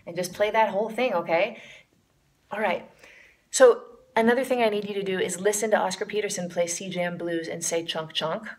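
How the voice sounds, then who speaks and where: A woman's voice: mid-range voice, normal speed. Enthusiastic woman teaching jazz piano. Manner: enthusiastic, demonstrates by counting and scatting rhythms. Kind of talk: casual music lesson. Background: piano playing.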